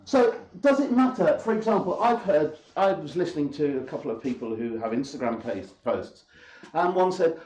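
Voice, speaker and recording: Lively, emphatic male English lecturer. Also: fairly high pitch, moderate pace. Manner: emphatic, with lots of repetition and rhetorical questions. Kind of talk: lecture to an audience. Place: lecture hall. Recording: echoey hall.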